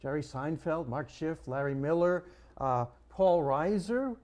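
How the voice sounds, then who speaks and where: Older long island guy, dry jokey storyteller, kinda higher voice. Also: expressive, unhurried, a little mellow. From Long Island, New York. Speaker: co-host. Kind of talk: casual reminiscing chat.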